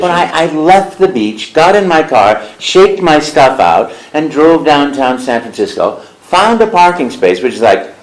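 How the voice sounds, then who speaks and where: A man being interviewed as a voice actor, telling stories in an animated way and slipping into character voices. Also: a little high, unhurried, few pauses, reverberant, low-quality recording. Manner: lively storyteller who slips into character voices. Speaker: voice actor guest. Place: convention interview room.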